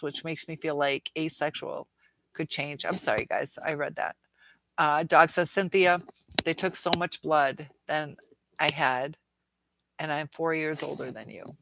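A woman's voice: low-pitched, very noisy. A middle-aged woman hosting a casual viewer Q&A livestream, earnest and rambling, reading comments aloud.

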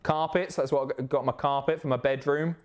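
A man from the Isle of Wight, chatting casually and excitably on a live stream, swearing often. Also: mid-range voice, fairly quick. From Isle of Wight, England. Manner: excitable, sweary, reads chat aloud.

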